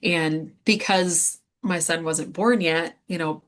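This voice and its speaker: Low-voiced woman sharing a personal story. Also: slight background noise. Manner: candid, halting, with many fillers. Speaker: guest medium.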